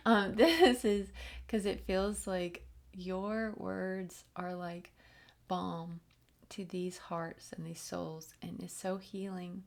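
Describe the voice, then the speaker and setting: A woman giving a channeled spiritual reading, gentle and encouraging, with many fillers and restarts and frequent drops into soft whispers. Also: fairly low pitch, vocal fry. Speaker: channeled reader.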